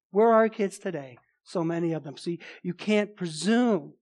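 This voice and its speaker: A man's voice: sits high, fairly bright tone. A man preaching a sermon as pastor, emphatic, with rhetorical questions and casual asides.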